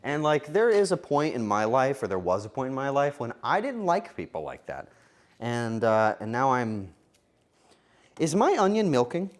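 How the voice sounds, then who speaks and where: A man's voice: medium pitch, sing-song, normal speed. A male streamer chatting casually with his viewers while cooking, playful and joking. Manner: playful, joking banter with chat.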